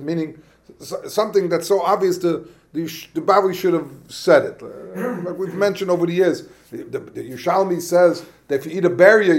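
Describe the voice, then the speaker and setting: A man teaches a Talmud class. He talks in a questioning, animated way, firing questions at his students. His tone stays lively throughout. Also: a little high. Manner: questioning, animated, mixes Hebrew and Yiddish terms.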